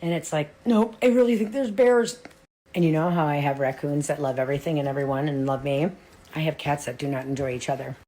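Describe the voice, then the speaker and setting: A middle-aged woman with a notably low voice talks casually to the camera in her vlog. She rambles, breaks off mid-thought and restarts, and keeps an easy chatty flow. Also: fairly even intonation, quick pace, darkish tone. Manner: rambling, self-interrupting, chatty. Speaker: vlog host. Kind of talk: casual chat.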